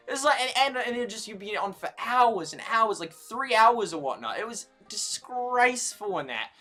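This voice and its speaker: A man's voice: high-pitched, lively intonation, brisk, few pauses, bright, forceful tone, faint music behind. A man with a New Zealand accent rambling through an aggrieved story, restarting sentences often. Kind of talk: casual ranting vlog.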